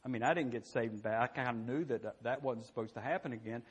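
A man's voice: mid-range voice, quick pace, husky, dull audio. A man preaching a sermon in a church, folksy and conversational, often asking "you know what?".

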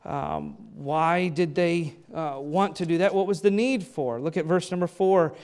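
A man's voice: fairly high pitch, sing-song, a little slow, darkish tone, smooth. A man preaching a sermon as a pastor, reading scripture aloud and asking and answering his own questions with emphasis.

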